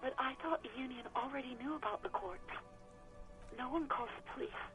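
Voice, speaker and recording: Brief: an anxious, polite ex-waitress in a video game, a touch high, apologetic, dodging questions. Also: female voice, a little fast, a bit bright, faint music behind, low-quality recording. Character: nervous young woman, ex-bar waitress on a phone call.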